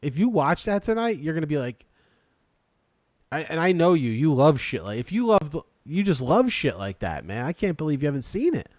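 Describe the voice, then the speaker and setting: A man in a relaxed podcast chat who makes his case with emphasis. His pitch moves around a lot as he talks. The mic sound is close and dry. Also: dry recording. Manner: animated, emphatic, quick to argue his picks. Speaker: podcast co-host.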